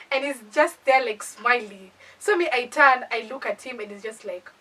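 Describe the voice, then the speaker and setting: A woman's voice: fairly high pitch, normal speed, few pauses, recorded from a distance, low-quality recording. A young Kenyan woman with a Kenyan accent, animatedly telling a playful storytime in a casual chat. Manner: animated, playful, dramatizes with acted asides.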